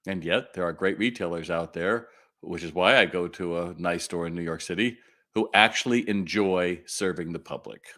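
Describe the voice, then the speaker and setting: Animated middle-aged man hosting a live Q&A. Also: low voice. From California. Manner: animated, quick asides and audience calls to respond. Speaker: retail consultant hosting a live Q&A. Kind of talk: live-stream Q&A talk.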